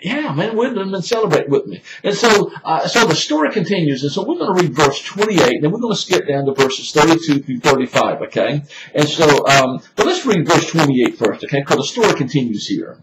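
Halting pastor in an echoey room. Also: male voice, a little high, big pitch swings. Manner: halting, repeats words, many fillers. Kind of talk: informal Bible-study teaching. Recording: echoey room with loud noise.

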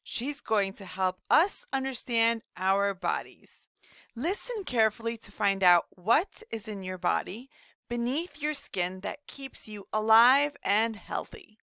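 A woman narrating a scripted read-aloud lesson for first graders, asking young children slow, gentle questions. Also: mid-range voice, expressive, creaky, clean tone, no echo. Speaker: teacher narrator.

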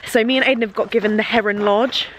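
A woman's voice: fairly high pitch, fairly even intonation, fast, background noise. A young woman, vlogging on a handheld camera from inside a large holiday lodge. She is gushing and giddy, laughing often. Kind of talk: excited casual vlog.

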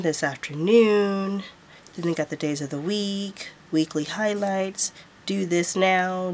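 Slow-talking, gushing woman vlogger. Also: fairly low pitch, a little hiss or hum. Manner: gushing, repeats "so freaking cute". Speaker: planner vlogger. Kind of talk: casual product haul.

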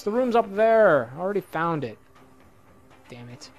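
A man casually commenting on his own gameplay, excitable and swearing a lot, with a slightly hoarse voice. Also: sits high, normal speed, faint music behind. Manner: excitable, swears a lot, sudden loud outbursts. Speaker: let's play gamer.

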